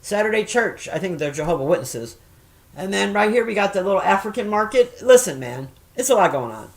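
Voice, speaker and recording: A middle-aged woman chatting casually and telling stories, swearing often and jumping loud when she acts out quoted voices. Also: mid-range voice, fairly quick. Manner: profane, animated, acts out quoted voices loudly. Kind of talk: casual storytelling chat.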